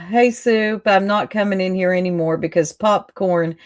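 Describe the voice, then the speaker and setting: Slow-talking woman streamer chatting with viewers. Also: mid-range voice, steady tone, no room sound, clean studio sound. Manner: chatty, greets viewers by name, laughs often. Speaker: livestream host. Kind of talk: casual chat with live viewers.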